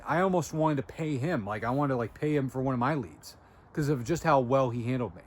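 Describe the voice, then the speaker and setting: A man's voice: medium pitch, lively intonation, a little fast. A young man hosting a self-help video, telling a story from his own working life in a chatty, self-mocking way. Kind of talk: casual storytelling to camera.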